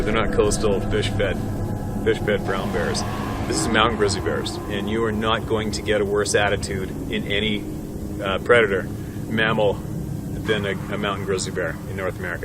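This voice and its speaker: A man's voice: lowish voice, very noisy. A middle-aged man, a hunting guide, telling a story vividly and laughing between lines. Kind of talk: animated storytelling. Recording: music playing under the voice.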